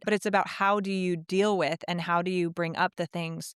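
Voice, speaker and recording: A woman's voice: on the low side, little pitch movement, brisk, clear, resonant tone, no room sound, studio quality. A woman speaking as a guest in a casual podcast conversation, explaining ideas in an earnest, coaching way.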